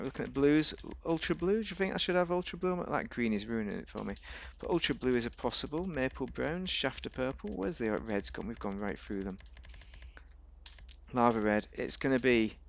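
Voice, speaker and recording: A gaming video host with a gravelly voice talks at a normal speed. He gives loose, jokey commentary as he plays, rambling, chatting, often talking to himself, and his pitch jumps suddenly.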